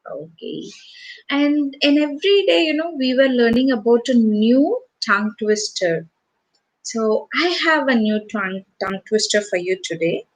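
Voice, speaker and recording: A woman's voice: on the high side, moderate pace, low-quality recording. A woman teaching an online class to young children, coaxing them with repeated questions. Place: home or small room, online class.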